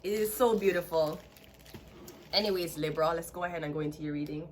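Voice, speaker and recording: A woman with a Jamaican accent giving a chatty tarot card reading, excitable and repeating herself. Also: low-pitched, brisk, a little hiss or hum. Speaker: tarot reader. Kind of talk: casual tarot reading to camera.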